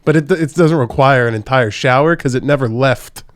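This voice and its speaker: A man's voice: mid-range voice, normal speed, no room sound, studio quality. A young man hosting a comedy podcast, telling crude stories in a loose, laughing way. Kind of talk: casual comedic podcast chat. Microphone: studio podcast mic.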